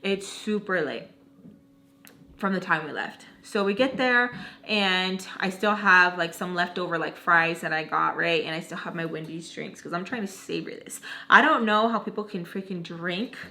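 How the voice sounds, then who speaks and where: A woman's voice: fairly low pitch, normal speed, pushed and bright. A young woman telling a personal story in a casual, chatty way, full of "like". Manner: chatty, filler-heavy with "like".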